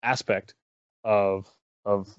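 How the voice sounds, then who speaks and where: Low-voiced, rambling man on a dry call. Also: fairly even intonation, clean tone, no room sound, muffled recording. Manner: rambling, halting, with many restarts. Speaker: interview guest, esports caster. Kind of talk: casual chat.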